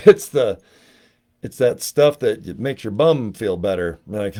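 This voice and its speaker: A man's voice: fairly low pitch, animated, a little slow, dark tone. A man vlogging about network marketing in a rambling, joking monologue, laughing often and slipping into silly voices.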